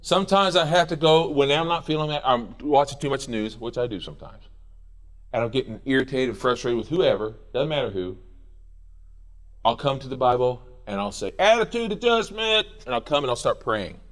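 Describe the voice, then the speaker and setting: A middle-aged man preaching a sermon as pastor in a church, animated and jokey, with quoted voices and bits of song. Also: mid-range voice, brisk. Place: church sanctuary.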